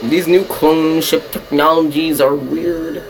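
Excitable young man narrating his gameplay. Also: on the high side, slow pace, vocal fry, background noise. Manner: excitable, laughing, self-mocking. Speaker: let's play gamer. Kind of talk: casual gameplay commentary.

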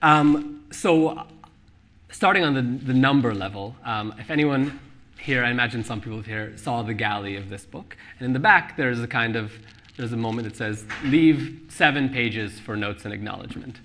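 Bright-voiced author, laughing at a live book talk. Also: male voice, medium pitch, moderate pace. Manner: laughing, animated, many restarts. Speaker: author discussing his novel. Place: live event venue with audience.

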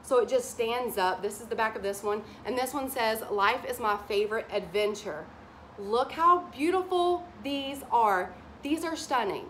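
A haul vlogger with a drawl chats casually to camera, showing off her shopping finds. Her slightly high voice gushes over each item in a giddy, excitable rush at a moderate pace, with a touch of background noise.

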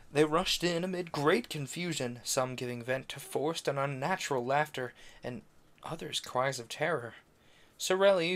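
A man's voice: medium pitch, fairly bright tone. A man reading a classic novel aloud on a stream, tripping over French names, correcting himself and adding brief offhand asides. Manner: adds brief offhand asides between passages. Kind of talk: casual read-aloud narration.

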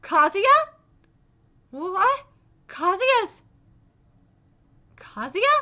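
A woman in her late twenties reacting live while reading a manga aloud, shouting and swearing in excited bursts. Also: muffled recording. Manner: reads character lines aloud in a lower, quicker voice.

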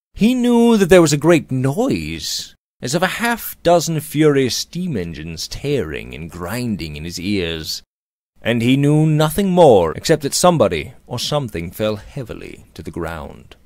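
A man narrating a Victorian novel aloud in a measured, expressive storytelling manner. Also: fairly low pitch, no room sound, studio quality. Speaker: audiobook narrator.

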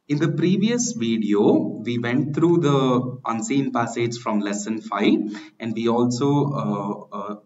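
A man's voice: mid-range voice, darkish tone, lo-fi sound. A man teaching French grammar in English, explaining patiently and spelling out words letter by letter. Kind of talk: grammar lesson.

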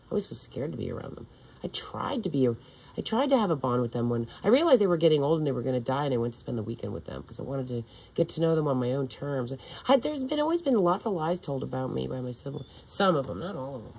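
A woman's voice: extremely low pitch, vocal fry, darkish tone, slight background noise, low-quality recording. An older woman vlogging in a meandering, profane monologue full of restarts. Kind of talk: rambling casual monologue.

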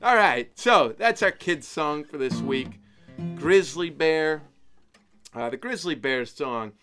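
A man's voice: expressive, slow pace, over music. Upbeat playful man hosting from home. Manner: upbeat and playful, with sudden jumps in pitch and loudness. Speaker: polka band leader hosting a weekly live stream. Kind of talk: casual live-stream chat.

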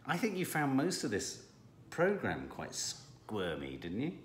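A man's voice: medium pitch, huge pitch swings, unhurried, a bit bright, a little hiss or hum. A man with a British accent co-hosting a casual TV review chat, chatty and playful with cheeky asides. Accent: British English. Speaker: co-host reviewing a TV series. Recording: echoey room.

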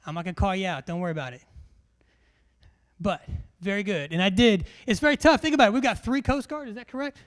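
A high-voiced man, a military education instructor, talks fast while joking with a large class. His humorous briefing is animated, and he keeps putting questions to the crowd.

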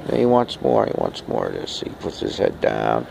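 A man's voice: extremely low pitch, huge pitch swings, moderate pace, gravelly, few pauses, a little mellow, a little hiss or hum. A man on an outdoor terrace in the rain, filming on a handheld camera and coaxing his cat in sing-song baby talk. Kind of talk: casual home video talking to his cat.

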